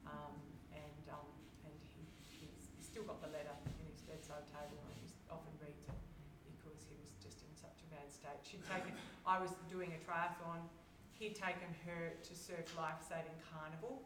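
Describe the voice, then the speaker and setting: Woman, guest speaker, rambling storytelling, low voice, echoey hall, far from the mic. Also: level tone, moderate pace, few pauses. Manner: chatty, warm storytelling with many fillers and restarts. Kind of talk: live Q&A storytelling. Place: live event hall with audience. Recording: echoey room heard from a distance, noisy.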